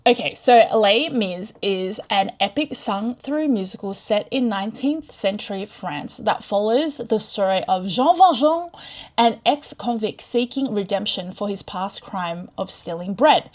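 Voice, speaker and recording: A woman's voice: mid-range voice, unhurried, few pauses. A young woman vlogging in a chatty, rambling way, gushing and laughing often, on a close mic. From Australia. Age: young adult. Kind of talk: chatty vlog talk.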